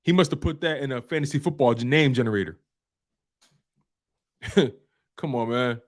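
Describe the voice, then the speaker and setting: A man's voice: medium pitch, normal speed. A man hosting a live-streamed football show, talking in an emphatic, repetitive trash-talk style full of slang. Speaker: sports show host.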